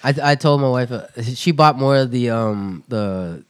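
A man's voice: mid-range voice, measured pace, clean tone. A man co-hosting a podcast, telling stories in casual chat and often restarting his sentences. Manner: animated storytelling with many restarts. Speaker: podcast co-host.

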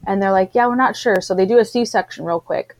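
A woman's voice: mid-range voice, brisk, dry recording. Chatty woman telling a story, dry sound. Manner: chatty, animated storytelling with acted-out quotes. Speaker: guest telling her birth story. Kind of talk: casual chat.

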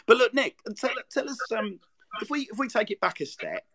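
A man hosting an interview, asking questions with halting restarts and fillers. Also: high voice, very animated, a crowd in the background. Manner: halting, stumbling over question openings. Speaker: podcast host. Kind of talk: casual interview chat.

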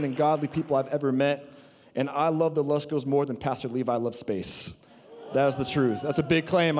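A man preaching a sermon as a guest speaker, energetic and dynamic, swinging between loud bursts and quiet low lines. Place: church auditorium. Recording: long reverb of a large hall.

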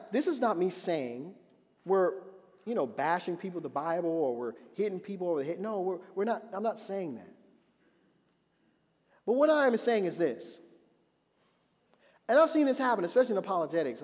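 A man preaching a sermon as pastor, animated and building to emphatic repeated refrains. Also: on the high side. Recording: long reverb of a hall.

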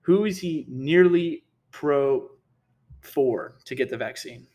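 A man delivering a casual commentary rant in a middle-pitched voice. He sounds heated and indignant throughout, tripping over his words and restarting sentences as he argues. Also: slow, a little mellow. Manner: heated, indignant, repeats himself and restarts often. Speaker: political commentator.

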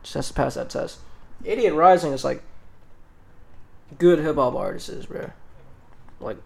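A young man in casual chat, relaxed and joking, talking in slang. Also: on the high side, a little slow, creaky, breathy edge.

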